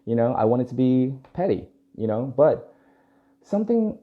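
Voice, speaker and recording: A man's voice: medium pitch, sing-song, moderate pace. A young adult man telling a story in casual talk, acting out dialogue and laughing often. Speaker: dog groomer and vlogger. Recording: dull lo-fi recording.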